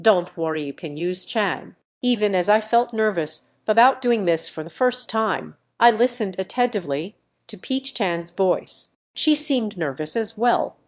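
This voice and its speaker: Gentle woman narrating a romance audiobook. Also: medium pitch, animated, unhurried.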